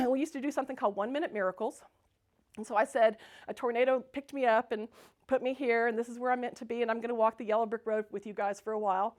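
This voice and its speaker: Brief: upbeat woman speaker, a touch high, chatty storyteller at a spiritual center who laughs easily. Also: quick pace. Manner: bubbly, laughs often, acts out her own excited quotes. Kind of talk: Sunday talk, personal storytelling.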